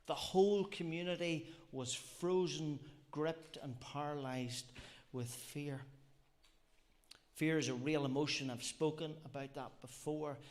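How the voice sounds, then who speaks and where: A man's voice: on the high side, measured pace. A man preaching a sermon, earnest and reflective, often repeating phrases and asking rhetorical questions. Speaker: lay preacher.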